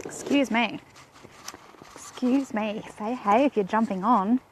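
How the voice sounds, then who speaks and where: A woman's voice: on the high side, slow pace, fairly bright tone, slight background noise. An Australian woman in her thirties, chatting playfully on a Facebook live stream while she walks outdoors, talking into a phone held at arm's length. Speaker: vlogger. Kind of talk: casual Facebook live chat. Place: outdoors in shade.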